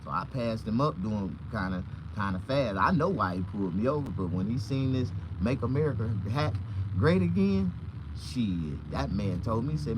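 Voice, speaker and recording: A man, a comedian, telling profane comic stories in an animated, loud way from inside a vehicle. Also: mid-range voice, normal speed, noisy background. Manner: loud, animated, acts out voices.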